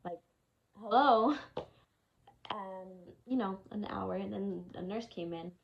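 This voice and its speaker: Speaking slowly with vocal fry, a young woman with a medium-pitched voice shares a personal story on her vlog, recorded with lo-fi sound. She sounds frustrated and exasperated, recounting events frankly and cursing often.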